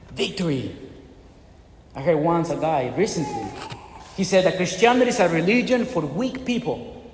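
A man's voice: on the high side, darkish tone, a little hiss or hum. A man preaching a sermon with impassioned, dramatic storytelling in a church hall. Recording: echoey hall with long reverb.

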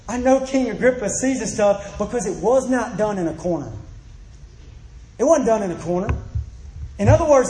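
High-voiced man preaching a sermon. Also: dark tone, roomy sound, low-quality recording. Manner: earnest pleading delivery, acts out quoted voices, repeats phrases.

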